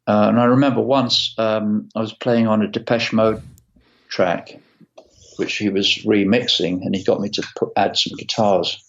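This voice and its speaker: A man in his sixties, a guitarist as an interview guest, telling stories in a halting way with many restarts. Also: on the low side, fairly even intonation, gravelly, highs cut off. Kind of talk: casual interview storytelling.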